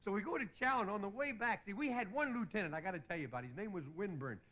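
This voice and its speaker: A man's voice: high-pitched, expressive, quick pace, pushed and bright. A man hosting a comedy show, telling folksy joking army stories in a stand-up monologue and chuckling at his own lines. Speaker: comedian host. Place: TV studio stage before a live audience.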